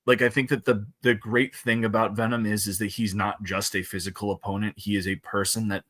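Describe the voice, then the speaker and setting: Low, forceful male guest, rambling and animated, dry close mic. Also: brisk, no echo. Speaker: comic book creator, podcast guest. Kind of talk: casual chat.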